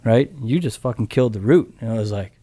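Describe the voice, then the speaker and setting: A man's voice: medium pitch, lively intonation, fast talker, warm tone, no room sound. A middle-aged man as a podcast guest, rambling with many restarts and casual swearing as he tells his story. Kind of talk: casual interview chat.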